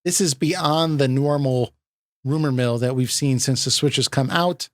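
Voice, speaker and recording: A man hosting a casual gaming podcast, enthusiastic and laughing often, with quick asides. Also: medium pitch, no echo, studio quality. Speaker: podcast host.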